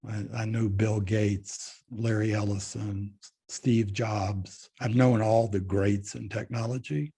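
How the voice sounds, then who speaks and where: A man's voice: on the low side, gravelly, dark tone, breathy edge. An older man from Texas, a guest speaker telling a story bluntly and acting out both sides of the dialogue. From Fort Worth, Texas. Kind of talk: storytelling interview.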